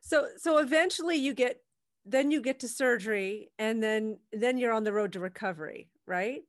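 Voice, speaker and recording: A woman's voice: a little high, moderate pace, dry recording, clean studio sound. A woman hosting an interview, reacting and encouraging her guest. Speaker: host. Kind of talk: interview chat.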